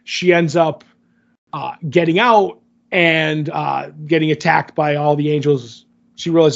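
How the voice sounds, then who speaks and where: Rambling man, slightly high voice, lo-fi. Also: measured pace, gravelly. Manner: rambling, filler-heavy retelling. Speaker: podcast co-host. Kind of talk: casual episode recap.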